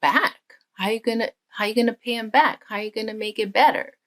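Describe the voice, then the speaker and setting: A woman voicing a patient, gentle father who explains things calmly to his son. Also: a little high, a little fast, natural voice. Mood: firm. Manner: calm, explaining.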